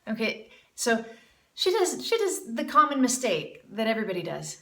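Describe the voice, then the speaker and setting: A woman's voice: medium pitch, expressive, normal speed, echoey room, recorded from a distance. A woman teaching jazz singing, critiquing a student and demonstrating phrases with scat syllables in an encouraging way. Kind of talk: music lesson critique with scat singing demos.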